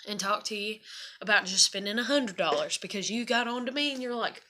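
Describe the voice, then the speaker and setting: Her voice is medium-pitched, brisk, bright and forceful as this young woman vlogs a personal rant about her marriage and hardships. She swears as she vents, and at times she turns shaky and tearful.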